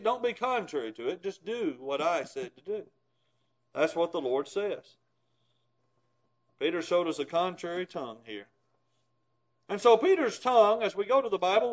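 A man preaching a sermon in a folksy way, with loud emphatic bursts, low quiet asides and chuckles at his own points. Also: low-quality recording.

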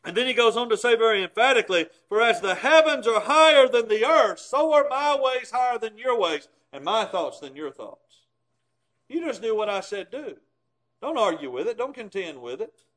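A man preaching a sermon in a folksy way, with loud emphatic bursts, low quiet asides and chuckles at his own points. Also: sing-song, normal speed, rough recording.

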